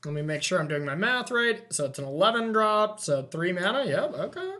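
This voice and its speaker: A man hosting a card game session, thinking aloud as he counts and checks his plays in relaxed, self-amused commentary. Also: high voice, fairly quick. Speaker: host playing a card game. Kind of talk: casual gameplay commentary.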